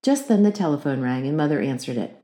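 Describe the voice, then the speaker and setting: A woman narrating a children's book aloud with expressive storytelling. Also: low-pitched, quick pace. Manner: expressive storytelling with acted character voices.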